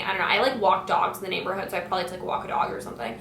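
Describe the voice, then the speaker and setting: A woman's voice: medium pitch, steady tone, very fast, gravelly, hardly any pauses, fairly bright tone, slight background noise. A young woman telling a story from her school days in a casual, chatty way, full of "like" and "you know". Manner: chatty, lots of filler "like". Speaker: vlogger. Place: home, kitchen nearby. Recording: echoey room, mic at a distance.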